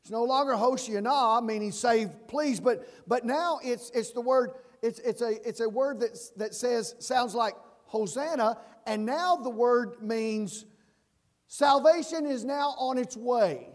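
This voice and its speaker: High-pitched pastor guy preaching, earnest, lots of restarts, big echoey church. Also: measured pace. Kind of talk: sermon. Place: church sanctuary. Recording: long church reverb.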